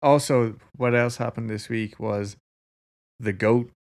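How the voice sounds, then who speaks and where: A man's voice: medium pitch, fairly even intonation, slow pace. Laid-back, wry man podcast host. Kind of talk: casual chat.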